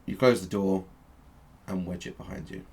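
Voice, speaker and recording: A man narrating as game master of a tabletop game, with halting delivery and plenty of fillers. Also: deep voice, a little mellow, a little hiss or hum. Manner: halting, with frequent fillers and restarts.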